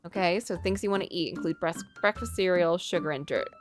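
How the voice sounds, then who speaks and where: A woman's voice: on the low side, fairly quick. A young adult woman streaming a game, chatting casually and giggling, with the odd swear word. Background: faint game music.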